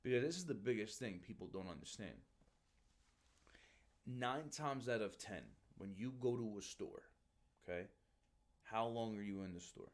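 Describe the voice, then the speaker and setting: A man's voice: fairly low pitch, moderate pace, long pauses. A man hosting a casual podcast, talking animatedly and calling the listener bro. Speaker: Marine recruiter podcast host.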